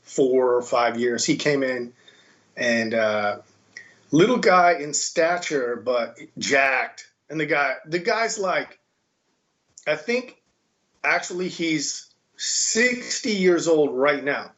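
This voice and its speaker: Brief: American man, podcast guest, animated storyteller, slightly high voice, dull lo-fi audio. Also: takes it slowly. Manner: animated, mimics voices in quotes. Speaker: podcast guest, kettlebell instructor. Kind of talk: casual storytelling. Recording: dull lo-fi sound.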